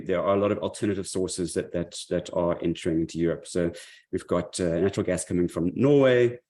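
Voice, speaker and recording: A man's voice: deep voice, a little mellow. A man giving a monthly market update, speaking loosely with many fillers and restarts. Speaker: market commentary presenter.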